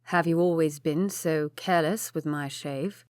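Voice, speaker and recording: An injured young earl, voiced by a woman reading aloud, short-tempered and weary. The voice is lowish and the sound dry and close. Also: steady tone, unhurried, clear, resonant tone, no echo. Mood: irritable.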